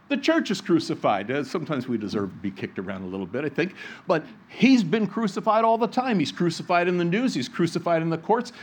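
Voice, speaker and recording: A male pastor delivering a sermon with a lively, swinging voice that sits a little high. He reads scripture, then drops low and quiet for quoted words and climbs for emphasis.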